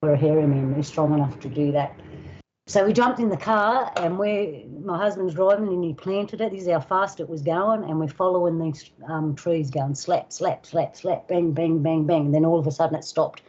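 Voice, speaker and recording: An older woman with an Australian accent, a guest elder telling a personal story in unhurried casual talk, acting out voices and sounds. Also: fairly low pitch, darkish tone, dull audio, slight background noise. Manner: unhurried, acts out dialogue and sounds.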